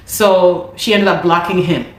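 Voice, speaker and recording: A woman telling a personal story of a dispute in an animated, indignant way, often repeating words. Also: lowish voice, unhurried, echoey room. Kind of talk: casual spoken account.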